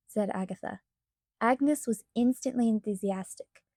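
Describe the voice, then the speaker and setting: A woman narrating a children's storybook with expressive, even storytelling. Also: mid-range voice, normal speed, no room sound, clean studio sound. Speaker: audiobook narrator.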